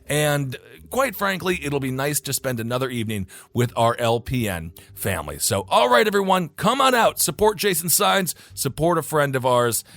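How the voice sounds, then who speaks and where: A man co-hosting a podcast in casual chat, upbeat and animated, laughing often. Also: on the high side, moderate pace, dry recording. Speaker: podcast co-host.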